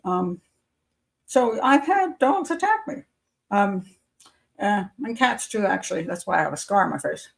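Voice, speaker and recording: A woman's voice: mid-range voice, gravelly. An older woman hosting a live chat show, talking casually and rambling with many fillers and restarts.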